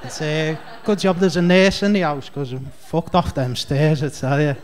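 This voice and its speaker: A man's voice: on the high side, steady tone, normal speed, a little hiss or hum. A man with a Scouse accent doing a rambling, chatty stand-up comedy set on a club stage. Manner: rambling, chatty, heavy on fillers.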